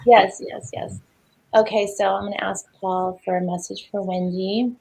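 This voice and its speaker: A woman on a spiritual group video call, relaying a channeled message earnestly with halting fillers. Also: medium pitch, steady tone, gravelly, a little mellow, rough recording. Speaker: channeling participant.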